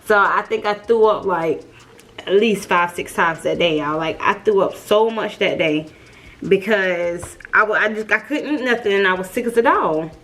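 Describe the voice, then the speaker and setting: A young woman telling a storytime vlog, chatty and lively, calling her viewers y'all. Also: mid-range voice, normal speed. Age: young adult. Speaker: vlogger.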